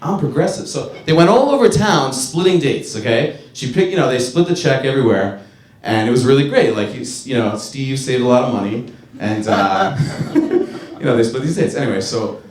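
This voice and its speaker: A man in his thirties doing a stand-up comedy set on a club stage, talking in a loose, rambling, profane way and shouting his punchlines. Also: mid-range voice, expressive, moderate pace. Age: 30s. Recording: roomy club with crowd laughter. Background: laughing audience.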